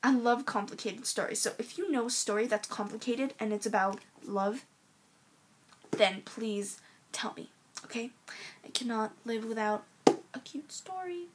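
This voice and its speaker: A woman's voice: a little high, fairly even intonation, moderate pace, background noise. A teenage girl recommending her favorite books in a rambling, gushing way, full of ums and likes. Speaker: book vlogger. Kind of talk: casual book recommendation vlog.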